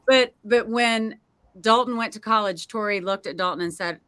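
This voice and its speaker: Brief: middle-aged woman host, bright tense tone, dry close sound, emotive chatty delivery. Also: a little high, smooth, no echo. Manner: emotional, expressive, quick laughs. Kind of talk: casual panel chat.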